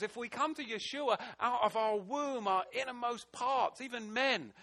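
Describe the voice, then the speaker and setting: Passionate high-voiced man preaching. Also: unhurried, few pauses. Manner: passionate, emphatic, swings between loud declaiming and hushed emotional asides. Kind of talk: sermon. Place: small congregation room.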